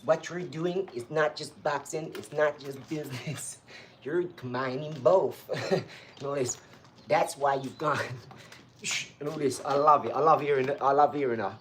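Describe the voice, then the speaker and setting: A man's voice: on the high side, a little slow, fairly bright tone, a little hiss or hum. A man, possibly, talking casually to viewers in an upbeat, rambling vlog between workouts. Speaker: vlogger. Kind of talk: casual vlog talk while training.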